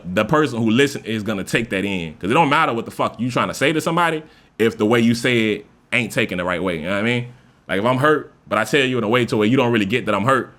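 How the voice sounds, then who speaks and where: A man hosting a podcast, talking casually and loosely with lots of profanity, now and then acting out example voices. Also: medium pitch. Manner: loose, profane, animated speaker who acts out example voices. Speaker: podcast host. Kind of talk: casual monologue.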